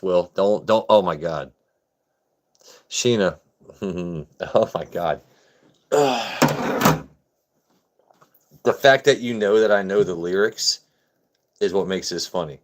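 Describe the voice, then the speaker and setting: A man's voice: low-pitched, takes it slowly, long pauses. A man hosting a casual livestream, joking and chatting with viewers by name in a laid-back way. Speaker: livestream host. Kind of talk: casual chat with live chat viewers.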